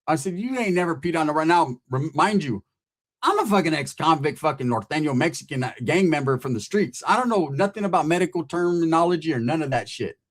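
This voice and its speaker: Husky man telling a profane street story. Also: a little high, lively intonation, a little fast. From California. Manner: profane, rambling street talk, acting out other voices. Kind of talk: casual storytelling monologue.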